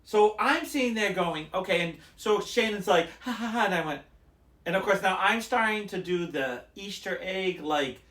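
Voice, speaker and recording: A man's voice: high-pitched, lively intonation, moderate pace, fairly bright tone, reverberant. A man co-hosting a podcast, telling stories in casual chat and acting out the lines of the people in them. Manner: rambling storyteller, acts out quotes. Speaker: podcast co-host.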